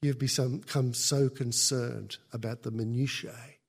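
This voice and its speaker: A man preaching a sermon, telling the story vividly and dropping to a hush for emphasis. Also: medium pitch, slow pace, gravelly, husky. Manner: lively storytelling, drops to hushed tones for emphasis.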